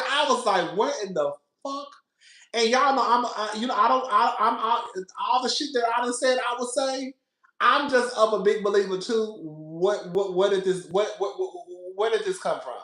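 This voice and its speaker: A man's voice: sits high, a bit bright. Sassy laughing man in an echoey room. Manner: sassy, laughs a lot, repeats himself, calls listeners "girl". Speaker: podcast host. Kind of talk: casual reality TV commentary.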